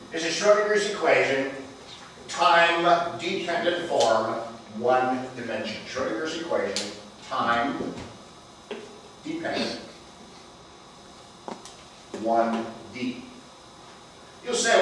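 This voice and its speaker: Male physics lecturer, unhurried and playful, very echoey hall, heard from a distance. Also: medium pitch, fairly bright tone, slight background noise. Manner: playful, theatrical, asks the class questions. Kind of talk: classroom lecture.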